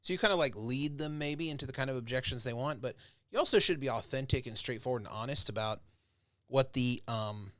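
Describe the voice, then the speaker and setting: A male professor gives a relaxed, conversational lecture. His voice sits at a middling pitch and is recorded dry and close. He now and then slips into acting out the speakers in his examples. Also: a little fast, no echo. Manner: conversational, acts out example speakers with rising intensity. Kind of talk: casual lecture.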